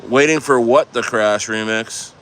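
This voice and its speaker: A man's voice: mid-range voice, measured pace, a bit bright, slight background noise. A man livestreaming outdoors, reading out and answering his chat in a loose, rambling way, often laughing and trailing off mid-sentence. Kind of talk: casual rambling live stream chat. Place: outdoors near the coast.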